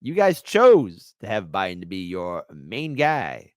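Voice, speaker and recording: A man's voice: mid-range voice, huge pitch swings, moderate pace, hardly any pauses, no room sound, studio quality. A man hosting casual political commentary, sarcastic and mocking, reading articles aloud. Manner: sarcastic, mocking, swings between loud outbursts and mutters.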